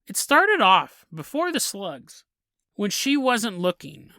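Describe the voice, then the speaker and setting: A man's voice: sits high, sing-song, slow, sharp tone, no room sound, clean studio sound. A man hosting a podcast, telling a story casually, often laughing and acting out the people in it. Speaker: podcast host.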